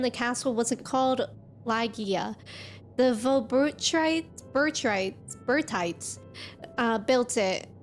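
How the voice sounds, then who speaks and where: A woman reading game dialogue aloud as a wistful old merchant, in a measured storybook manner. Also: on the high side.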